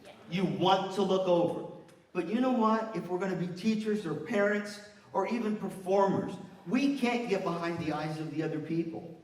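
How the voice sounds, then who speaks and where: Energetic male workshop presenter, slightly high voice, distant mic, very echoey hall. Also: moderate pace. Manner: energetic, coaching participants through a partner exercise. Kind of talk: interactive workshop with audience exercise. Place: large hall with an audience. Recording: far-off echoey hall with room noise.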